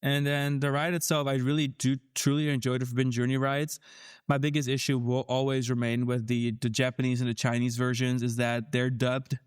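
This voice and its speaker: A man co-hosting a theme park podcast, talking in a casual, animated and critical way with frequent restarts. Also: mid-range voice, brisk, clear, resonant tone. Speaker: podcast co-host.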